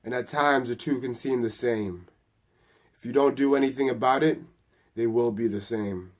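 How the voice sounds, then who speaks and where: A man voicing a calm, mysterious inner voice that speaks slowly and soothingly. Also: mid-range voice, natural voice. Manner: slow soothing chanting.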